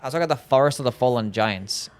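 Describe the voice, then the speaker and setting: A man's voice: medium pitch, very fast, clean tone. A man casually streaming a game live, chatting and answering his viewers in a laid-back way.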